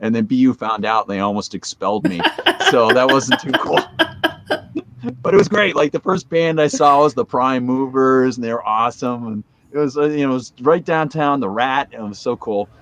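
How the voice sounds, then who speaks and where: A man's voice: mid-range voice, expressive, moderate pace, noisy background. A man in his fifties, a podcast guest telling a long story in a casual, rambling way, with restarts and chuckles along the way.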